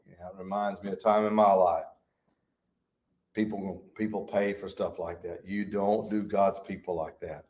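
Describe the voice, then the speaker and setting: A man's voice: medium pitch, animated, moderate pace, darkish tone. A man teaching a Bible study in a folksy way, reading verses and acting out the speakers in them. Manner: folksy, acts out quotes with shifting voice. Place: church.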